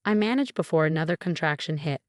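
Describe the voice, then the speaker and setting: Low-voiced woman narrating drama. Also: animated, fast talker, no echo, clean studio sound. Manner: dramatic, emotional storytelling. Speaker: story narrator. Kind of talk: scripted first-person drama narration.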